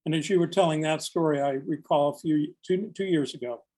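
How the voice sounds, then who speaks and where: A man's voice: on the high side, a little fast, mellow. An older man, a search and rescue volunteer, telling a story in a casual, earnest and reflective podcast conversation. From United States.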